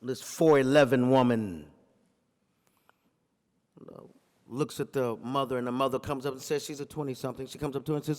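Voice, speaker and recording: Man, pastor giving a talk, mid-pitched voice, rhetorical repetition, long hall reverb. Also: steady tone, a little fast, pauses often. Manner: rhetorical, repeats phrases for emphasis, builds to forceful peaks. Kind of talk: speech with storytelling in a preaching cadence.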